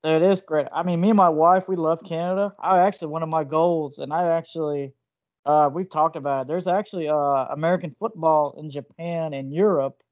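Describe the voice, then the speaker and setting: A man hosting a casual interview, telling jokey stories in an animated way over a cell phone. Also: on the high side, a little fast. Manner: joking, animated storyteller. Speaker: host. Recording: dull lo-fi phone call.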